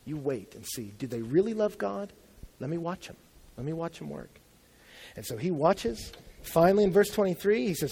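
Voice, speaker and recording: A man's voice: high-pitched, animated, a little fast, dark tone, husky. A young adult man preaching a sermon as a pastor in a conversational, humorous storytelling way.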